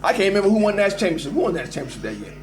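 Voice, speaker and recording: Male call-in host, very high voice, emphatic and animated, faint music under him. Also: racing. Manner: animated, emphatic, addresses listeners as y'all. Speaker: host of a live call-in show. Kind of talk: casual sports rant.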